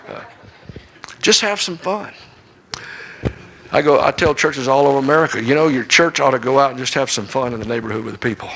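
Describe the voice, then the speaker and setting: A man's voice: medium pitch, a little fast, long pauses, a bit bright, rough recording. A middle-aged man preaching to a church, telling folksy, joking stories. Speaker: guest preacher. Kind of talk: humorous sermon storytelling.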